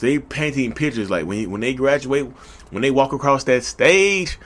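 A man with a Southern drawl giving a casual, animated monologue to his listeners, repeating himself often. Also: medium pitch, moderate pace. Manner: animated, repetitive, talks to listeners directly. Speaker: podcast host.

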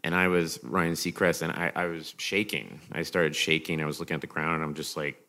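A man telling animated stories as a guest on a live podcast, acting out what people said. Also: rumbling low, brisk. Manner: animated, jumpy, acts out quotes. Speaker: guest comedian. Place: live stage in front of an audience.

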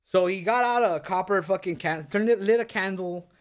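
With a high voice at normal speed, this middle-aged co-host recounts a spooky story in a casual indoor podcast among friends. He swears, wanders off track, and leans heavily on "like" and "dude."

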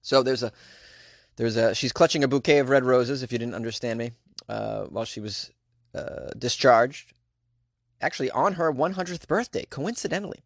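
A man's voice: medium pitch, normal speed, creaky, no echo, clean studio sound. Jokey man hosting a comedy news podcast. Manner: animated, jokey, with asides. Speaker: podcast host.

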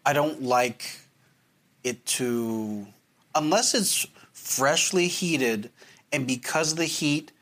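A man with a mid-range, fairly bright voice banters casually. He stumbles and repeats words, then argues playfully about how words are pronounced.

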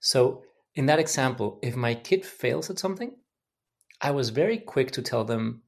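A man's voice: mid-range voice, expressive, normal speed, vocal fry. Earnest man from Mexico, reflective guest. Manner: earnest, candid, self-reflective. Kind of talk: reflective personal storytelling.

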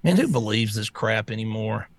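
A man's voice: lowish voice, lively intonation, normal speed. A man co-hosting a talk show, talking bluntly and scornfully and laughing often. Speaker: co-host. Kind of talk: casual talk-show banter.

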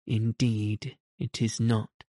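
A prim, earnest young girl playing mother to a household of children, as a man reading the storybook puts her on. The delivery is slow and low, with a warm, mellow tone. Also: level tone, no room sound, clean studio sound.

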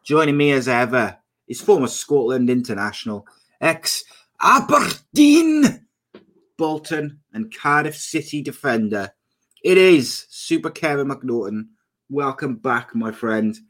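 A man's voice: medium pitch, measured pace, fairly bright tone. A young man hosting a casual live podcast, upbeat and chatty as he reads out viewer comments. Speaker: podcast host.

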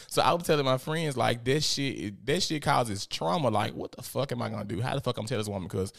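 A young adult man with chats casually, telling profane stories. He slips into the voices of the people he quotes, and his pitch leaps up sharply as he does. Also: quick pace, vocal fry, few pauses. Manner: animated, profane storytelling with many quoted voices. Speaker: podcast host. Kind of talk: casual chat.

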